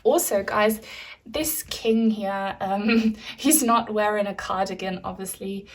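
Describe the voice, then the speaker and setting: A woman's voice: medium pitch, takes it slowly. Woman, tarot reader, casual reading to camera, chatty, lots of ums. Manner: chatty, addresses viewers as guys, frequent ums.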